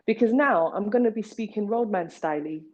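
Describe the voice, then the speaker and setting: A woman's voice: mid-range voice, brisk, a little mellow. A woman from Nigeria, an artist being interviewed, talking in a playful, tangential way full of wordplay. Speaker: artist guest. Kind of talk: rambling interview talk. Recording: dull lo-fi recording.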